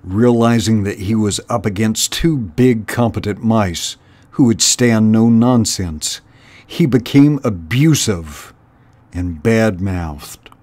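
A man reading a children's novel aloud in an unhurried, deliberate way, as host of a storytime channel. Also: fairly low pitch, darkish tone.

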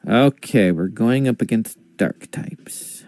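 A man's voice: fairly low pitch, animated, slow, darkish tone, faint music behind. A man giving casual, playful commentary while streaming a video game. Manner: playful, joking asides.

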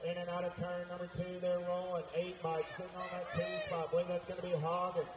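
Man calling a race over echoing loudspeakers. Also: high voice. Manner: rapid-fire call of riders, rising excitement at finishes. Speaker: race announcer. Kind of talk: live race commentary. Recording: echoey loudspeaker heard from far off.

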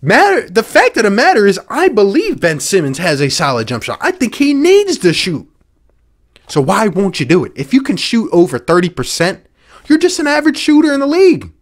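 A man's voice: sits high, huge pitch swings, fairly quick. A man from the Philadelphia area hosting a sports show, ranting with sarcastic exasperation and repeating points for emphasis. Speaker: sports podcast host. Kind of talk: angry sports rant.

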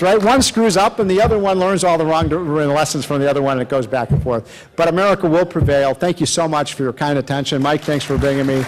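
A man's voice: on the high side, a little fast. A man giving a public speech who rambles through an anecdote, filled with "you know" and restarts. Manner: folksy, rambling, many fillers. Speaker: guest speaker.

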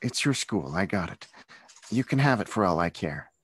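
A man reading a storybook aloud and voicing a nervous new schoolboy who answers softly and reluctantly. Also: low voice, big pitch swings, moderate pace, husky, no room sound, heavily acted. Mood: nervous timid. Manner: timid, reluctant, soft-spoken.

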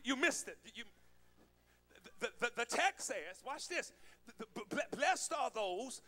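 A man pastor preaching a sermon, joking with the congregation and building to shouted calls. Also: very high-pitched, sing-song, slow pace. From United States. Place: church sanctuary with congregation.

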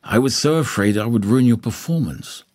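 A man's voice: medium pitch, expressive, normal speed, a little mellow, voice pushed up, lightly acted. A man voicing an eager, nervous young woman in an audiobook. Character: anxious young woman, shy violinist.

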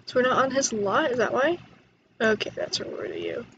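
A young woman chatting excitedly while playing a life-sim game, quick to gasp and exclaim. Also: a little high, lo-fi sound, background noise. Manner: excitable, chatty, gasps and laughs. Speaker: gaming YouTuber. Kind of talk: let's play commentary.

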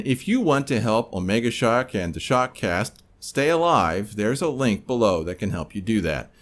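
A man hosting a commentary podcast, talking in a conversational, editorializing way. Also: on the low side. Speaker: podcast host.

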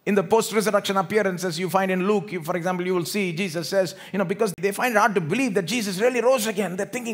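A man from India preaches a lively sermon in church, his voice sitting a little higher than most men's. He acts out the words he quotes, jumping from loud, rising lines to low, quiet ones, and calls on the congregation to answer back. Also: fast, hardly any pauses. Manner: animated, acts out quoted speech with big swings in loudness and pitch.

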